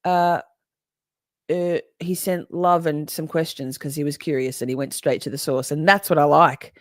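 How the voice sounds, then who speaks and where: A woman's voice: low-pitched, fairly even intonation, normal speed, no room sound, clean studio sound. A woman hosting a casual live stream, reading viewers' comments aloud, swearing freely and laughing often. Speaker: livestream host reading chat.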